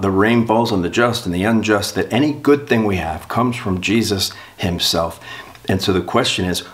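A pastor with a low, deep voice gives a sermon in a church. He reads passages aloud from a storybook and a catechism and then leads the congregation in prayer.

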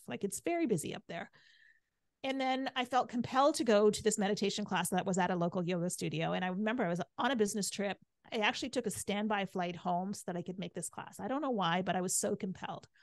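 A woman's voice: medium pitch, vocal fry, no room sound. Middle-aged female podcast guest; candid, chatty storyteller; dry, close mic. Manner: chatty, frequent "right?" and "like".

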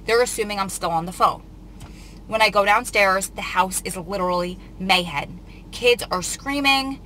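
Nearly in tears, a young woman vlogger rambles through a long personal story for her viewers in a tearful, confiding tone. She speaks at normal speed with a medium pitch that sounds pushed and bright, and the low-quality recording has a faint hiss or hum.

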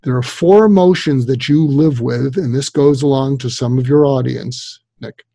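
Older man with a dark husky voice. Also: medium pitch, moderate pace, no room sound. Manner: animated storyteller, acts out quoted voices. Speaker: psychiatrist guest. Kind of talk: podcast interview.

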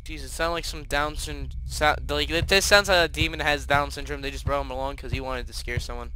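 A young man giving casual gameplay commentary, sarcastic and profane, with sudden loud outbursts. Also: mid-range voice, brisk, background noise. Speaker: gaming commentator. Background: game music.

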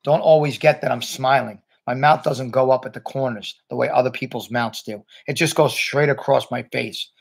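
A man's voice: medium pitch, steady tone, moderate pace, vocal fry, few pauses, slightly rough. A man reading a novel aloud in the first person, adding a few casual asides of his own. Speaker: reader.

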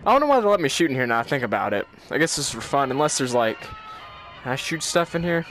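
A man's voice: mid-range voice, very animated, fast, music in the background. A man hosting a gaming channel, giving let's-play commentary while nervous, jumpy and laughing often.

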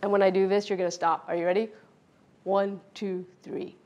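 A woman teaching a children's music lesson, speaking clearly and playfully, often demonstrating with her own voice. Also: mid-range voice, little pitch movement, normal speed, a little mellow, muffled recording. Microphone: pre-recorded video lesson.

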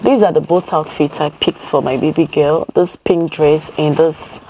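Low-voiced woman chatting to viewers. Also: steady tone, normal speed, slight background noise, rough recording. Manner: chatty, addresses viewers warmly as "you guys" and "my loves". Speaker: mother vlogger. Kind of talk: casual vlog narration to viewers. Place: at home indoors.

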